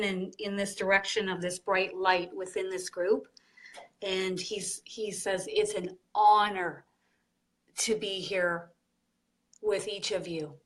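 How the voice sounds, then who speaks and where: A woman hosting a live online group, relaying channeled messages slowly and softly. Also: mid-range voice. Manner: slow, soft, relaying spirit messages. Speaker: psychic medium, group host.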